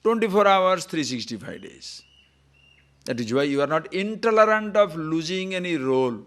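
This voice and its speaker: An older man giving a spiritual discourse as a teacher, animated, asking rhetorical questions and chuckling now and then. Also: on the high side, normal speed.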